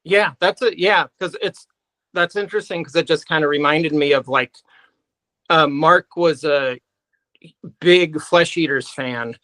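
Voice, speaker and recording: A man, a guest musician, answering in a halting way full of pauses and restarts. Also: a little high, pushed and bright, no echo, low-quality recording. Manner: halting, many fillers and restarts. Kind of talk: casual interview chat.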